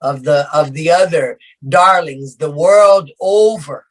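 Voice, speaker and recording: An older woman, the host and film matriarch, speaks slowly in a low voice over poor audio. Like a grandmother, she runs a casual group video call, asking questions warmly and calling people baby and darling.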